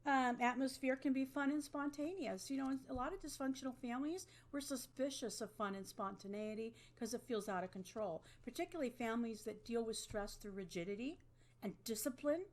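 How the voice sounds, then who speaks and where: A woman's voice: a little high, a little fast. A woman teaching an online class to a webcam, talking in a conversational way and often checking in with "okay?". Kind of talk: online lecture.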